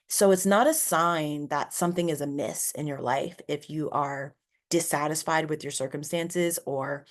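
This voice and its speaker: A woman hosting a solo motivational podcast, talking casually and earnestly with lots of "like" fillers and rambling asides. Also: low voice. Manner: earnest and encouraging. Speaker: podcast host.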